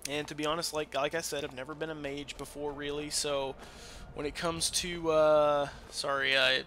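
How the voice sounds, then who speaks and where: A man hosting a let's play with casual, crude commentary, swinging between loud excitement and quiet asides. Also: fairly high pitch, normal speed, a little hiss or hum. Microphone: desk microphone that peaks. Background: game audio.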